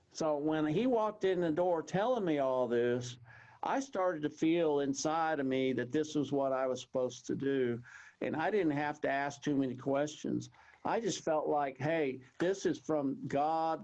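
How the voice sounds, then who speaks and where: A man, telling his personal story as an interview guest in an earnest, halting way with many restarts. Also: mid-range voice, darkish tone. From Texas. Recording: dull lo-fi audio.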